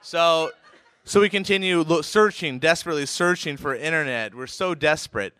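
A man recounts a personal story in a casual, animated way, chuckling and tripping over restarts. His voice sits a touch high and sounds crisp and clear. The sound is dry and close to the mic. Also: moderate pace, no room sound. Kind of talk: casual spoken anecdote.

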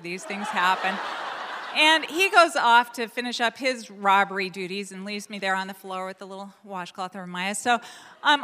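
A woman telling a personal story on stage, animated and self-deprecating, with many fillers and restarts. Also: fairly high pitch, long reverb tail. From Portland, Oregon.

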